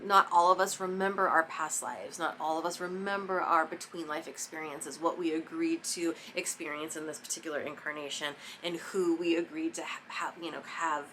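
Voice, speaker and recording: A woman giving a casual, profane motivational monologue about forgiveness, emphatic and spontaneous, sometimes dropping into soft mock whispers. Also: on the low side, slight background noise. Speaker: spiritual self-help vlogger.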